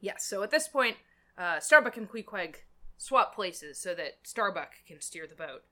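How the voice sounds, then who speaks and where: Bright-voiced woman co-host, halting recaps. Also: medium pitch, animated. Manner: hesitant, many fillers while recapping. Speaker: podcast co-host discussing a novel. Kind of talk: casual book discussion.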